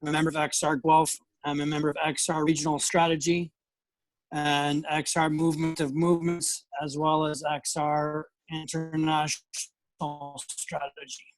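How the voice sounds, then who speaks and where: Matter-of-fact man, flat tone, dry video-call sound. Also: a little high, moderate pace, no room sound. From Ontario, Canada. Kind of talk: casual video call introduction.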